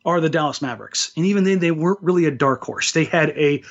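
A man with a fairly high, husky voice riffs on sports in loose podcast chat, often restarting his sentences. The sound is dull and lo-fi. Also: quick pace. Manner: talkative, jokey, frequent restarts. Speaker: podcast co-host.

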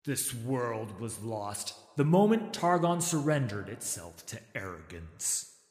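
A man's voice: mid-range voice, sing-song, slow, a little mellow, reverberant, long reverb tail. A man voicing an ancient proud male star dragon who speaks in a purring, mocking way. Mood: purring scorn.

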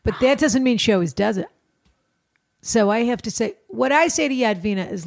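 Casting: outspoken woman, slightly high voice, relaxed chat with friends, bossy and witty. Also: vocal fry. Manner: blunt, bossy and quick-witted. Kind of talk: casual chat.

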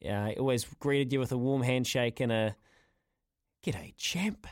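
A man's voice: medium pitch, steady tone, a little mellow, clean tone. A man hosting a casual sports chat, friendly and teasing. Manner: friendly, teasing, quick banter. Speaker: host.

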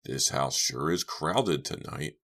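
A man's voice: rumbling low, expressive, slow, fairly bright tone, full character voice. A man voicing a growling, menacing villain. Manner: growling, sarcastic and threatening. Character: menacing adult male villain with a chainsaw.

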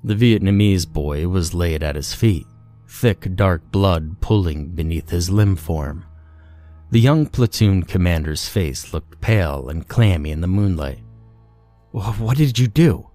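A man with a very low voice tells a scripted horror story in first person. His telling is grim and profane, with a steady, brooding delivery. Faint music runs underneath. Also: measured pace, dry recording. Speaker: narrator.

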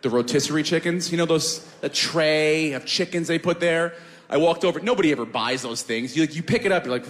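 A man telling a comic story on a podcast in an animated, profane, self-mocking way. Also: on the high side, brisk, in a large hall, slight background noise.

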